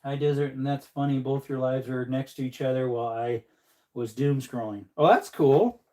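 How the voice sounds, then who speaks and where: A man's voice: mid-range voice, normal speed, dark tone. A man hosting a casual live stream, joking and answering viewer comments while he hand-loads ammunition at his bench. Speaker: livestream host.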